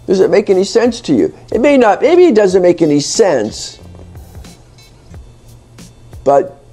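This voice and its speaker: This American teacher's voice sits high and dark, with big swings in pitch and a measured pace. On his channel he gives an informal spoken English lesson, ribbing viewers playfully and rambling with many fillers and restarts, as faint music plays.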